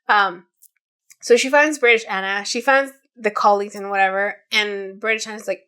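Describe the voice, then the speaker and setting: Bright-voiced chatty young woman. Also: medium pitch, normal speed, smooth. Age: 20s. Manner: chatty, many fillers, quotes people in lively voices. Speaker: podcast co-host. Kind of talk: casual chat, retelling a story.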